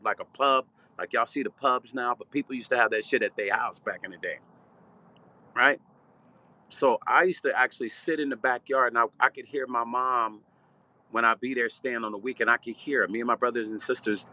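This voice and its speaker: An older man from Chicago telling a personal story in a vivid, blunt, street-style way. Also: mid-range voice. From Chicago, Illinois. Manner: vivid, animated storytelling, repeating "right?". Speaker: vlog host and musician.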